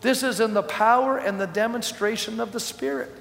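A pastor delivers his sermon in a high, ringing voice, telling a story and acting out the people in it before rising to emphatic declarations. His voice echoes through a large hall with a long reverb. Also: brisk, gravelly, a bit bright. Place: church hall.

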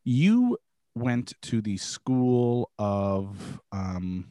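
A man's voice: mid-range voice, sing-song, very slow, mellow, no room sound. A man hosting a podcast in casual chat, jokey and swearing as he interviews a guest. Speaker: podcast host.

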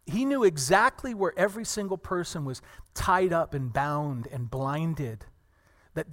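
Earnest male preacher in a reverberant hall. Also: on the high side. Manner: earnest, animated storytelling with acted quotes. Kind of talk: sermon.

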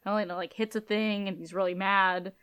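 A woman co-hosting a podcast, casually recapping a TV episode and acting out characters' lines in a lowered, quiet voice. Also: brisk, smooth. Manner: animated retelling, acts out lines in low soft voices. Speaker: podcast co-host.

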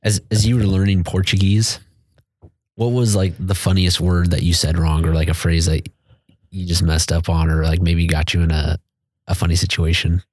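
Deep-voiced male interview host. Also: normal speed, husky, dry recording. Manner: relaxed, asks open questions, short acknowledgements. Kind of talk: casual interview.

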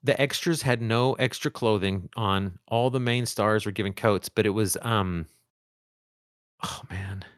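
A man co-hosting a podcast, chatting casually in an animated, rambling way with frequent restarts. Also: on the low side, measured pace, no echo, studio quality. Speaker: podcast co-host. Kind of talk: casual chat.

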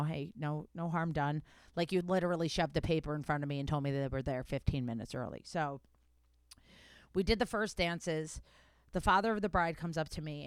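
A woman's voice: low voice, clear, resonant tone, dry recording. A woman hosting a podcast, telling a story in casual chat, swearing freely and correcting herself as she goes. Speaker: podcast host.

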